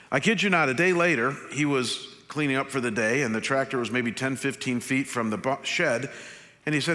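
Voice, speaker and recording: A man's voice: medium pitch, brisk. A man pastor, telling a personal story in a sermon and acting out the quotes. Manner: animated storyteller, acts out quotes. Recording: long hall reverb.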